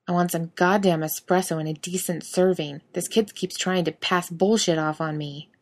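Rude grumpy middle aged guy at a coffee counter, a woman reading him, gruff and snappy, lowish voice. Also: steady tone, moderate pace, lightly acted. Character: rude demanding middle-aged male customer.

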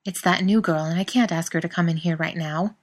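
Woman reading a sleepy grumbly middle-aged husband, coaxing, kinda low. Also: brisk, close to an everyday voice. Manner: sleepy, mildly irritated coaxing.

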